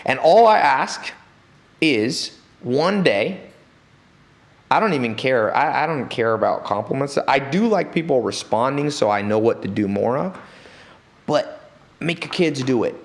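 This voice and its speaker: Man, interview guest, animated storytelling, mid-range pitch, acts out quoted people, studio. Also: unhurried.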